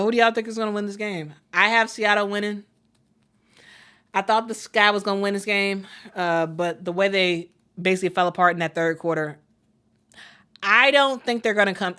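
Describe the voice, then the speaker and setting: Woman, fan-channel play-by-play caller; bright, chatty, excitable, talks to viewers. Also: medium pitch, normal speed, clean tone. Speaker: play-by-play commentator. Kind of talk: casual live play-by-play stream.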